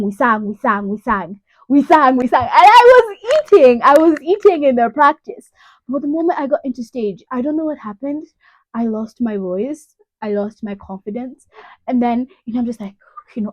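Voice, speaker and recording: A woman's voice: mid-range voice, dry recording, low-quality recording. A young woman from Kenya, telling a personal story in a rambling, casual way full of "you know". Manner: rambling, lots of "you know", emotional retelling. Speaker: vlogger.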